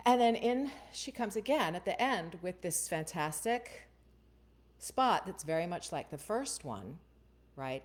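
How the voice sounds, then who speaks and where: Low, chatty woman hosting a casual voiceover Q&A. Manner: chatty, keeps asking "right?". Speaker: voiceover coach and host. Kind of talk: casual Q&A livestream.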